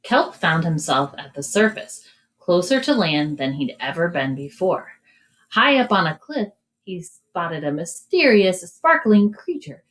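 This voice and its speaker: Slow, gentle woman leading storytime. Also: fairly low pitch, very animated, poor audio. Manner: gentle, sing-song, talks to children. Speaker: children's librarian. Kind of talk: storytime reading and singing for kids.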